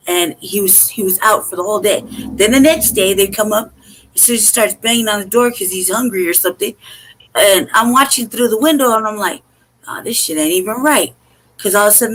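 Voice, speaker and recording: A woman with a slightly high-pitched voice hosts a live online stream. She spins a story in a casual, animated way, swearing freely and stacking up pointed rhetorical questions. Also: poor audio. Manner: animated, profane, emphatic storyteller; asks rhetorical questions in rapid runs. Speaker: host of an online show.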